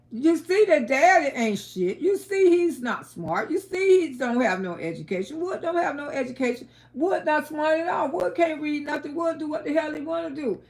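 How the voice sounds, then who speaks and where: A woman hosting a livestream, chatting casually and scolding bluntly with plenty of profanity. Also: high voice. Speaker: livestream host.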